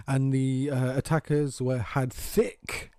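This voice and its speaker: Laughing, swearing London man, mellow tone. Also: medium pitch, flat delivery, takes it slowly, no echo, studio quality. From south-east London. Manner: loose, swearing, laughing often. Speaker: podcast co-host. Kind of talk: casual uncensored chat.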